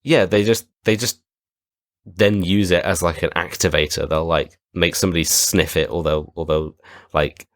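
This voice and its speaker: A man's voice: low voice, fairly even intonation, normal speed, no echo, clean studio sound. A man co-hosting a podcast, chatting casually with lots of laughs and fillers. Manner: laughing, rambling, many fillers. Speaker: podcast co-host. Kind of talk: casual chat.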